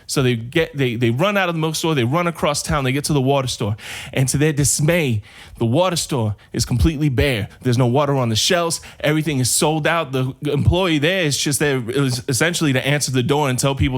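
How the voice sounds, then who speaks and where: A man on a podcast, casually telling a long shaggy-dog joke and drawing out the build-up. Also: medium pitch. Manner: casual storyteller, drawn-out build-up. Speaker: podcast co-host.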